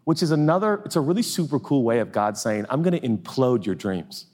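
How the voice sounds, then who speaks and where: With a mid-range, slightly mellow voice, this Northwest US pastor preaches animatedly and a little fast. His sermon is conversational and full of jokes and small acted-out exchanges, echoing with the long reverb of a big hall.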